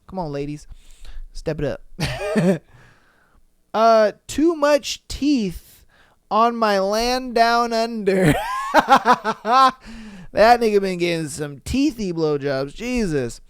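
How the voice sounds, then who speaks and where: A young man hosts a casual podcast and talks bluntly, swearing and joking as he goes. His voice sits high and comes through smooth and clear. The sound is dry and close. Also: animated, no echo. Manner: blunt, profane, joking, fast talker. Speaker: podcast host. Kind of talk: casual chat.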